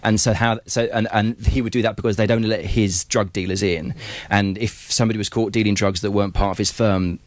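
A man, an author telling stories at a bookshop event, animated and laughing often, with many restarts. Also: on the low side, a little fast, dry recording.

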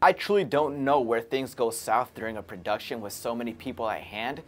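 A man talking casually to camera, reviewing a film in an animated, chatty way with frequent chuckles. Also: medium pitch, fairly quick. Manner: animated, chuckling between remarks, conversational. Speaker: movie reviewer. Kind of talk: casual movie review commentary.

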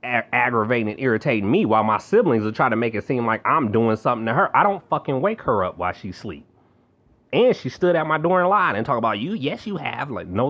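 Young man, heated profane rant, mid pitch, slightly dull lo-fi sound. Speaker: vlogger. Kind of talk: angry rant to camera.

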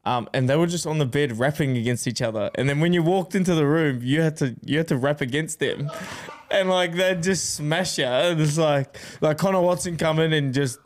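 A man's voice: fairly high pitch, fairly quick. A young man, co-hosting a podcast in casual chat and telling rambling stories with plenty of laughter. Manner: rambling storyteller, laughs often. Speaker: podcast co-host.

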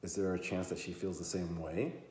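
A man's voice: sits low, level tone, moderate pace, darkish tone, a little hiss or hum, natural voice. A man reading the lines of a woman friend who asks firm, prodding questions. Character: woman friend, blunt and urging. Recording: roomy echo.

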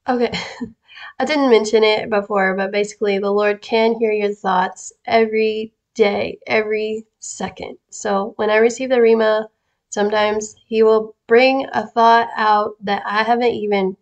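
A woman's voice: medium pitch, level tone, measured pace, lo-fi sound. A woman reading out prophetic messages she says she receives, with sudden stresses on words and a slangy, casual way of talking. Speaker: Christian prophetic speaker.

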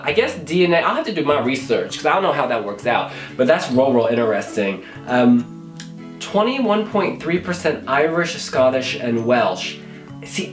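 An American man chats in a bouncy voice with big swings in pitch, gushing and exclaiming as he reacts. The sound is roomy and echoey, with faint music underneath. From United States. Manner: animated and exclamatory, calls the viewer honey. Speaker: Eurovision blogger. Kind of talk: casual vlog reaction.

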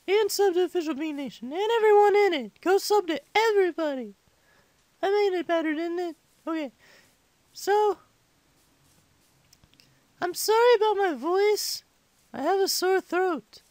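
A man voicing an excitable five-year-old boy who rambles through a comedic let's-play commentary. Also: extremely high pitch, no room sound.

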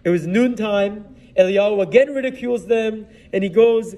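A man's voice: high-pitched, moderate pace, hardly any pauses, warm tone, distant mic. A man, a rabbi, retelling a Bible story in a sermon and weaving Hebrew terms and verses into his telling. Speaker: rabbi giving a Torah talk.

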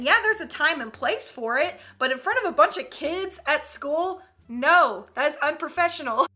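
A woman's voice: high-pitched, expressive, normal speed, hardly any pauses, sharp tone. A young woman in her twenties giving casual comedic commentary, chatty and laughing often with playful slang. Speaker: YouTuber reacting to memes.

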